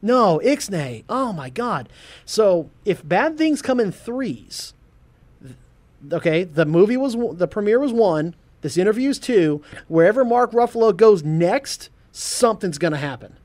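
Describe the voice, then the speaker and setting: Man, podcast host, high voice, animated, laughs a lot, casual news chat. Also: moderate pace. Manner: animated, laughs often, stumbles over words.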